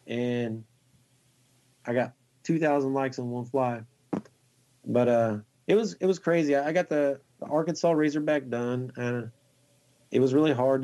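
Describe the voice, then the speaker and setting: Excitable man telling a rambling story. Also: mid-range voice. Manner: excited, rambling, laughs often. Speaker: guest fly tier. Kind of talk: casual storytelling chat.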